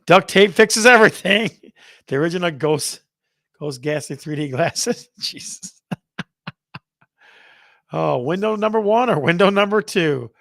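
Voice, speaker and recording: Hosting a real estate livestream, this man chats playfully, reads viewer comments aloud, and counts down contests. His fairly high voice carries vocal fry, moves a little slowly with long pauses, and comes through clean studio sound with no echo.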